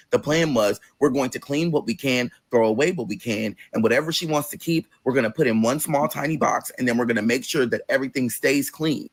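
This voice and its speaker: A man telling a story on his vlog, casual, animated and profane, acting out what people said. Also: mid-range voice, breathy edge, no room sound. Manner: animated, profane, dramatic, acts out quotes. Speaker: storytime vlogger.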